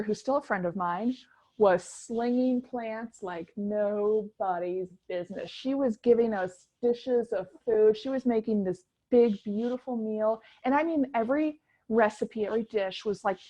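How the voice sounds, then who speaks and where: A middle-aged woman, telling her story as a guest in a casual interview, animated and chatty with many restarts. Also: on the high side. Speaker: guest chef.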